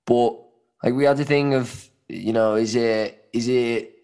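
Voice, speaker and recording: A man's voice: medium pitch, fairly even intonation, unhurried, a little mellow, smooth. A young adult man co-hosting a casual podcast chat, rambling loosely with lots of "you know" and "man". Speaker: podcast co-host.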